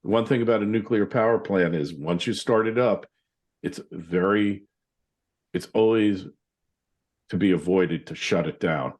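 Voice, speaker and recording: A man with a low voice hosts an interview podcast. He talks casually, with blunt opinions and dry sarcasm. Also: unhurried. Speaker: podcast host.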